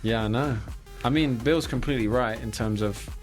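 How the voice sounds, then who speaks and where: A young man, a professional footballer guest, speaking in a relaxed, thoughtful and earnest way in a studio interview. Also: medium pitch, normal speed, soft background music. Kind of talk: casual interview.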